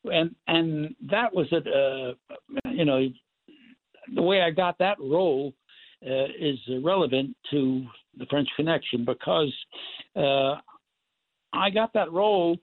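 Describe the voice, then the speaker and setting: An older man telling rambling, animated stories as a guest actor, with many restarts. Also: on the high side, takes it slowly, pauses often. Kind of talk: casual storytelling interview. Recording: tinny phone line, dry.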